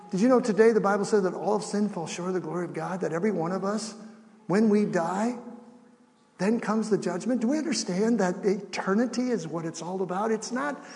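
Middle-aged guy preaching, soft then loud, acts out little asides, echoey hall. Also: sits high, brisk. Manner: animated preaching with acted asides, shifting between soft and loud. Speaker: pastor. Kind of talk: sermon. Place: church sanctuary.

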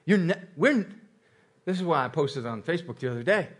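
A man's voice: on the high side, lively intonation, a little fast. A man preaching a sermon, repeating phrases and building intensity, with occasional laughter. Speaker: pastor.

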